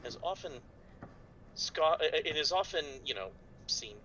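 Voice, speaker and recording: A hesitant man who rambles as a tabletop game player. His voice is bright and fairly high, heard on a muffled, distant mic with a low hum behind it. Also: animated, moderate pace. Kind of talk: casual chat.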